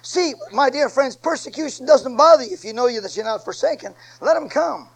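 A man preaching a sermon, swinging from quiet asides to shouted, repeated phrases. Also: extremely high pitch, expressive, a little fast, breathy edge, rough recording.

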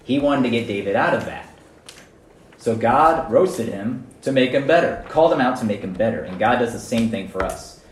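Man, casual sermon, animated, conversational, faint background hum, echoey room. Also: medium pitch, normal speed. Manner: conversational, animated, frequent "right?" and "guys". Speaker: youth preacher. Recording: echoey room, mic at a distance.

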